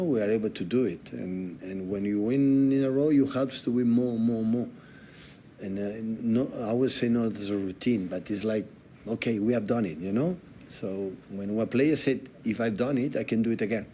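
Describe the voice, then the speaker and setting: A man from Spain speaking English as a football manager at a press conference, halting and repeating words, with loose grammar. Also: on the low side, warm tone, a little hiss or hum. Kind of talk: press conference answers in non-native English.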